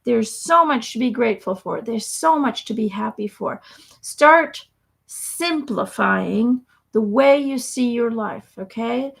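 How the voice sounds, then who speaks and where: A woman's voice: fairly high pitch, animated, slow, creaky, husky. A woman giving a live spiritual talk, emphatic and repetitive, often checking in with "okay?". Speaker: spiritual channeler.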